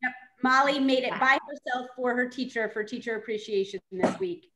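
A woman's voice: fairly high pitch, a little fast, fairly bright tone. A woman in a casual group chat, amused as she shares a story about her child. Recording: echoey room.

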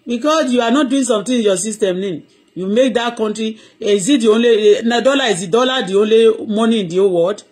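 A woman's voice: fairly high pitch, quick pace, a little mellow, slightly rough. A middle-aged Nigerian woman, Yoruba her first language, hosting a live audio blog in a heated, rambling rant that switches between Yoruba and English. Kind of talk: impassioned live audio commentary.

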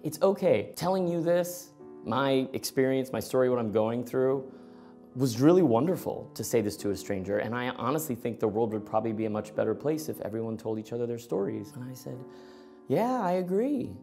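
A middle-aged man tells a true personal story. He acts out the dialogue of everyone in it, keeping a conversational tone, with faint music playing softly beneath his voice. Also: mid-range voice, a little fast, vocal fry. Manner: animated, acts out both sides of dialogue.

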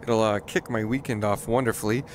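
A man's voice: fairly low pitch, fairly even intonation, fairly quick, a little hiss or hum. A man streaming a flight game, chatting casually and poking fun at his own flying while talking to viewers. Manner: chatty, self-deprecating, talks to viewers. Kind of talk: casual live gameplay commentary.

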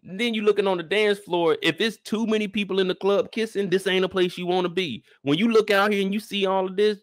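High-voiced blunt ranting man. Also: no echo, studio quality. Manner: blunt, profane, animated, acts out scenes. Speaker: show reviewer. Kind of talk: ranting show commentary.

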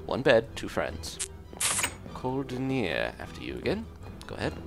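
A man's voice: mid-range voice, huge pitch swings, unhurried, gravelly, loud music behind the voice. A man hosting a gaming video in character as a pompous detective, with a put-on English accent and a jokey manner. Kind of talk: in-character let's play commentary.

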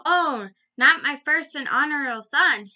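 A woman's voice: sits high, expressive, measured pace, bright, forceful tone, full character voice. A woman doing a stern, scolding mother. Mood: alarmed.

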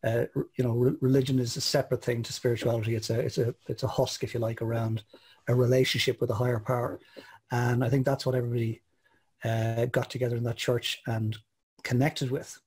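An Irish man hosting an online interview, reflecting on what his guest said with many pauses and fillers. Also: medium pitch, little pitch movement, darkish tone, slightly rough. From Ireland. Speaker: host. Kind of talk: conversational interview.

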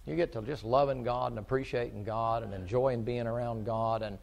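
A middle-aged man preaching a folksy sermon, shifting from quiet storytelling to loud, fervent preaching. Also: medium pitch, steady tone, a little fast, vocal fry.

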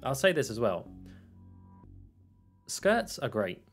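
A man talks casually into a desk microphone while streaming a game, wandering from topic to topic. His voice sits at an ordinary middle pitch, and he chuckles easily as he answers chat questions. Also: big pitch swings, slow, husky, faint music behind. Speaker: gaming streamer.

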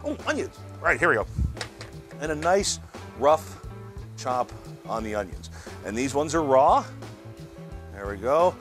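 A man's voice: mid-range voice, very animated, unhurried, long pauses, fairly bright tone, faint music behind. A man hosting his own cooking show, chatting casually to viewers while he demonstrates a recipe, often repeating words as he goes. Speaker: cooking channel host.

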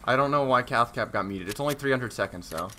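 A man's voice: mid-range voice, quick pace, a little hiss or hum. A young man streaming a shooter game live, chatting casually with viewers, joking at himself and getting worked up at tense moments. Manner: casual, excitable, self-mocking, slangy. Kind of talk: live gameplay commentary.

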